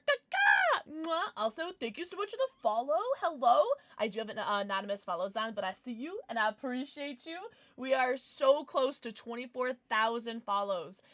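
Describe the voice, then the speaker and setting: Bubbly, bright-voiced woman streamer. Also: a little high, no room sound. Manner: bubbly, greets chat by name and blows kisses. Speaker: livestream host. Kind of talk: casual livestream chat.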